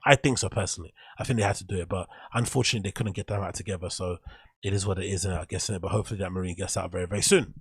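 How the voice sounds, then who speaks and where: A man's voice: low-pitched, steady tone, racing, breathy edge, dry recording. Man rambling on his opinions. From England. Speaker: show host. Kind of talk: solo podcast commentary.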